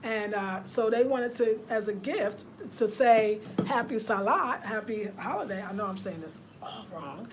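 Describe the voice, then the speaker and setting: A woman, chatting casually with viewers on a livestream, swinging between loud laughter and hushed murmurs. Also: mid-range voice, unhurried, hardly any pauses, slight background noise. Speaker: vlogger.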